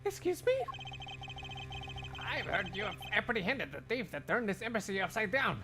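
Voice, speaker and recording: A man's voice: high-pitched, very animated, moderate pace, loud music behind the voice, pitched above the performer's own voice. A man voicing a haughty, scolding ambassador in a put-on German accent for a live fandub. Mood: imperious. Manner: imperious, scolding.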